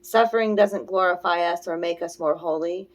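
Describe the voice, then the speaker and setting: This woman's oracle card reading is earnest and meandering, peppered with "you know" and "okay?", and she eases her pace whenever she offers affirmations. Her voice sits on the low side.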